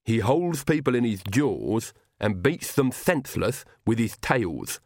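A man voicing a devoted old male castle servant who speaks slowly and deliberately. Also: mid-range voice, sing-song, a little mellow, no room sound, studio quality. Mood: plain. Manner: slow, deliberate, matter-of-fact.

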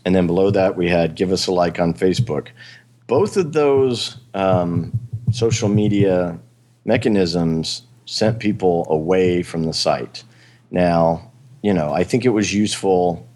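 Low-voiced man chatting on a podcast. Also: measured pace, darkish tone. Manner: rambling, hesitant, frequent fillers and laughs. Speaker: podcast host. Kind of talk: casual chat.

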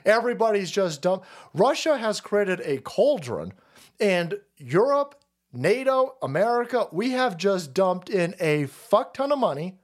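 A male streamer rants in a sarcastic, foul-mouthed way. His voice sits a little high and leaps all over the place. He sounds loose and animated throughout. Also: a little slow. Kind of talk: profane political rant stream.

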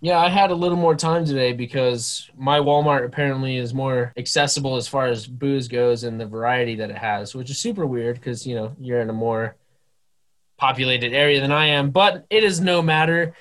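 A man's voice: mid-range voice, moderate pace, a bit bright. A young man co-hosting a casual podcast, joking and swearing freely as he leads the chat. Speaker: podcast co-host.

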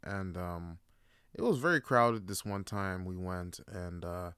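A man hosting a show, telling stories in a relaxed, profane way with lots of fillers. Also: deep voice, a little slow, smooth, no echo, clean studio sound. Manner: laid-back, profane, full of fillers like "like". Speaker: podcast host. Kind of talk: casual storytelling monologue.

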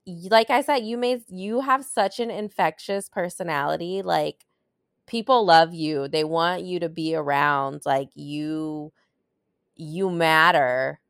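A woman's voice: deep voice, slow, clear, resonant tone, no room sound, studio quality. A woman hosting an interview, speaking in an encouraging, affirming way and often asking "right?". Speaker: interview host. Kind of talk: supportive interview conversation.

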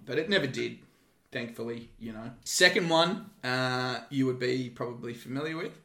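A man's voice: medium pitch, moderate pace, fairly bright tone. Australian man, brash and profane, casual storytelling, echoey room. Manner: brash, profane, laughs through his stories. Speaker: podcast guest, former security guard.

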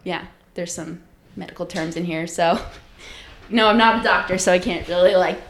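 A woman's voice: on the low side, moderate pace. A woman in her twenties, a podcast guest chatting casually, easygoing and giggly with lots of fillers. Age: 20s.

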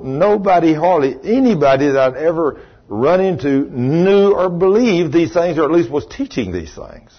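A man's voice: medium pitch, husky, lo-fi sound. A man preaching a storytelling sermon in a conversational way, full of "you know".

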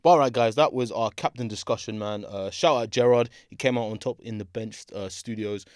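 A man's voice: on the low side, fairly quick, no room sound, studio quality. A young man hosting a podcast, laid-back and laughing often, full of slang. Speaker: podcast host. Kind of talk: casual chat.

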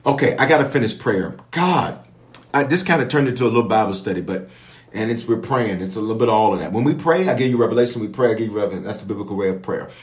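A bishop leads an online prayer that shifts into Bible teaching, preaching directly to his viewers in an emphatic, repetitive cadence and making prophetic declarations. His lowish voice moves at a quick pace, and the sound is roomy.

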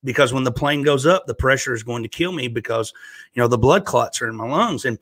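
A man's voice: mid-range voice, animated, fairly quick, a bit bright, no echo. A man with a Southern US accent, a guest on a faith podcast, preaching earnestly and slipping in self-mocking jokes. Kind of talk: casual faith podcast chat.

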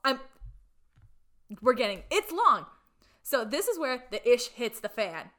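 A woman's voice: fairly high pitch, sing-song, measured pace, bright, forceful tone. A woman in casual chat retelling a story, full of "like" fillers and playfully irreverent asides.

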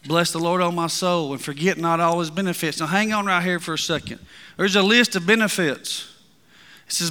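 A man preaching in a church hall, his high, bright voice ringing clear. He swings from emphatic, rising declarations to low, confiding asides. A long reverb trails behind his words. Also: normal speed, pauses often. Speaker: pastor. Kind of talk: sermon.

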